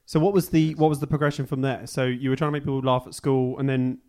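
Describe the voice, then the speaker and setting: A man's voice: mid-range voice, fairly even intonation, quick pace, a little mellow. A man co-hosting a live podcast, asking casual questions and chattily commenting on the audience. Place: live venue in front of an audience.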